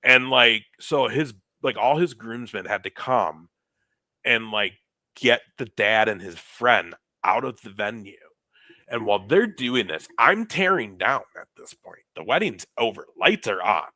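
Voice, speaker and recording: A young podcast co-host casually tells a story, animatedly acting out the people he quotes. His voice is mid-range and a little slow, caught on a close mic with no room sound.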